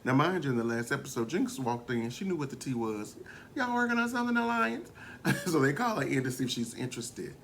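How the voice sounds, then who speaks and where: Gossipy man recapping with lively pitch. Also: fast talker, few pauses, a little hiss or hum. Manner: gossipy and animated, often laughing, slips into quoting. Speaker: reality show reviewer. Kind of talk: casual episode recap.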